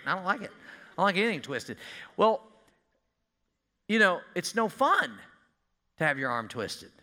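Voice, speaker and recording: Animated pastor preaching. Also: male voice, sits high, a little slow. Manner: animated, folksy, asks the congregation questions. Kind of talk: sermon.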